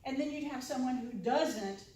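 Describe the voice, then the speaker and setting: A woman's voice: high-pitched, normal speed, mellow, slight background noise. A woman giving an informal talk to a live audience, chatty, often asking "right?" and acting out quoted reactions. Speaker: lunchtime discussion presenter. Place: university room with audience. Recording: very echoey room, voice from far off.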